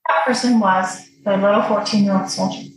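A woman guest on a podcast telling her personal story in an animated, emotional way, with frequent restarts. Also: mid-range voice, brisk, a little hiss or hum. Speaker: guest, former client. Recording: strong room echo.

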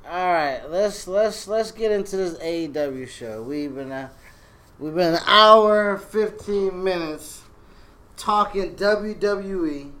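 A male co-host of a wrestling podcast who talks loose and swears freely. His voice sits a little high for a man. He jokes as he steers the chat. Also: slow, pushed and bright. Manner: profane, loose and joking. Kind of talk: casual wrestling talk.

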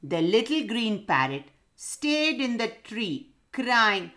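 A woman reads a children's story aloud at a slow, unhurried pace. Her voice rises and falls a great deal, and she stops now and then to ask the children a question. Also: fairly high pitch. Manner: expressive, addresses children directly.

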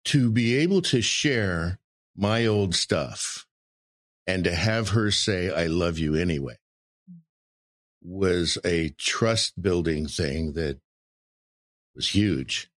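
Deep-voiced earnest man, dry sound. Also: expressive, slow pace, a bit bright, no echo. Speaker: married guest sharing relationship experience. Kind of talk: candid conversational storytelling.

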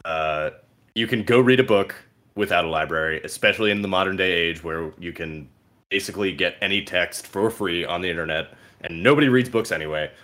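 A man's voice: low voice, a little fast, sharp tone. A young man chatting casually as a podcast co-host, joking crudely and ranting with swearing. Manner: crude, joking, ranting, puts on silly voices in quotes. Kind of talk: casual chat.

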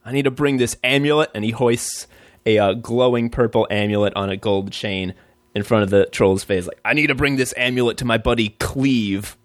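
A man voicing a gruff but soft-hearted male barbarian adventurer who rambles and pleads. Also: medium pitch, fairly even intonation, normal speed, no echo, close to an everyday voice. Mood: pleading.

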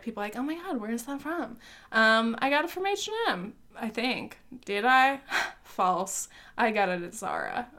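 It's a casual solo podcast chat: a young woman hosting her show teases herself, laughing, using fillers and now and then swearing. Her voice runs on the high side with a fairly bright tone.

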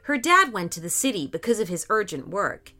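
A woman telling a children's story in slow, expressive storybook narration. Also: medium pitch, soft background music. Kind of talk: scripted narration.

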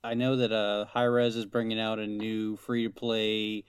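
A man hosting a podcast interview, relaxed as he guides the talk. His voice is smooth and clear, and the sound is dry and close. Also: on the low side, moderate pace, no echo. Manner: relaxed, steers the conversation. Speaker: podcast host.

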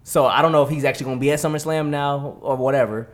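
A man co-hosting a sports podcast, talking in an animated, slangy way. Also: on the high side, rapid-fire. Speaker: podcast co-host. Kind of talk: casual sports chat.

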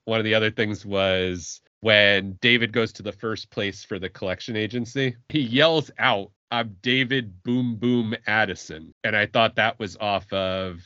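Bright-voiced man, laughing podcast co-host. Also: fairly low pitch, normal speed, few pauses, smooth, no room sound. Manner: laughs often, repeats words while thinking. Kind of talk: casual chat. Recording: dry, dull lo-fi sound.

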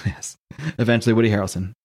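A man's voice: fairly low pitch, steady tone, fast, darkish tone. A man hosting a podcast, recapping a comic in a rambling, casual way with swearing and laughing asides. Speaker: podcast host.

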